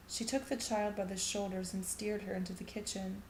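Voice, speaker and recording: A woman reading a short story aloud in a steady, even narrating voice. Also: medium pitch, moderate pace, a little hiss or hum. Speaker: reader. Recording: echoey room.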